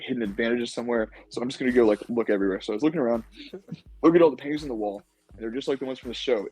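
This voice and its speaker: A man's voice: medium pitch, a little mellow, slightly rough, rough recording. A young man, a former game show contestant, telling a long, rambling story in a casual podcast interview and saying "like" a lot. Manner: rambling storytelling, heavy use of "like".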